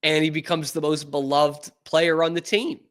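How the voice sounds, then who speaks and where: A man hosting a sports podcast, talking in a chatty, animated way and laughing often. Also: fairly high pitch, normal speed. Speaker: podcast host. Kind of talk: casual sports commentary.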